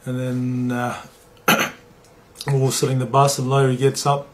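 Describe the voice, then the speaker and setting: A man's voice: mid-range voice, monotone, normal speed, a bit bright. A middle-aged man, a former rugby league player, telling stories in an interview in a plain-spoken, salty way and acting out the dialogue. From New Zealand. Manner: plain-spoken, swears freely, acts out dialogue. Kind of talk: interview storytelling.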